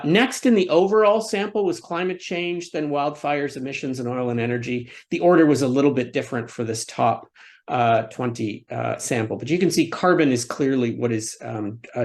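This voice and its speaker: A man giving an academic webinar presentation, explaining his research method and data in a measured way with dry asides. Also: mid-range voice.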